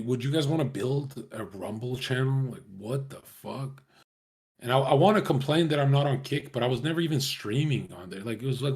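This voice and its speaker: A man's voice: mid-range voice, a little mellow. A young man talking casually to his viewers, rambling in slang, swearing often and calling everyone bro. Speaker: streamer talking to chat.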